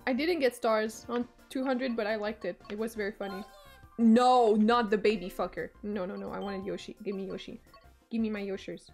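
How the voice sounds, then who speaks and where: A woman whose first language is French, streaming a game and chatting casually. She jokes, swears freely and breaks into sudden excited outbursts. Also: medium pitch, a little fast, faint music behind. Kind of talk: casual gaming stream chat.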